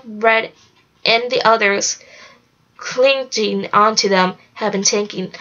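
A woman reads a novel aloud in a fairly high voice, keeping a steady pace and now and then stumbling and correcting herself. The home recording is dull and lo-fi. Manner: steady reading with occasional slips and self-corrections. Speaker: narrator.

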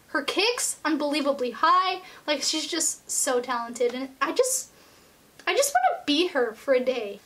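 High-voiced gushing young woman vlogger. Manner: gushing, breathless fan excitement with filler "like". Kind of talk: excited casual vlog chat.

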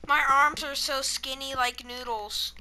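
High, very bright playful woman gamer. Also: steady tone, a little slow, slight background noise. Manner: playful, jokey banter, silly sound effects. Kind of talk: casual chat while playing a video game.

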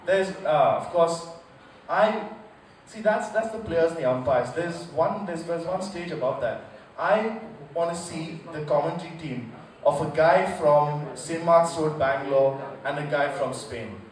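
A man's voice: a little high, measured pace, slight background noise. A young man doing crude stand-up comedy on stage, joking with stammering restarts. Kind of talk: stand-up routine. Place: stage at a live venue. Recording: echoey live venue from far off, crowd.

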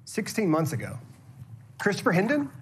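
A man's voice: sits high, huge pitch swings, normal speed, slight background noise. A barista competitor chatting casually and eagerly explaining his approach. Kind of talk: casual chat.

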